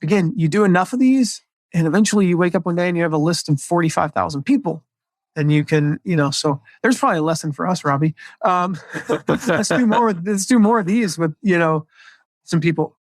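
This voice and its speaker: A chatty man with a slightly raised pitch, talking casually about business in an upbeat, rambling way. The sound is close and dry, with no room around it. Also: brisk, dry recording. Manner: upbeat, chatty, lots of fillers. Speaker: podcast host, marketing coach.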